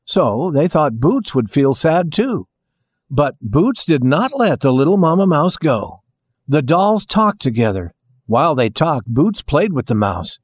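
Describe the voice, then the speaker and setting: A man narrating a children's storybook in a slow, gentle, expressive way. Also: on the high side, breathy edge, dry recording.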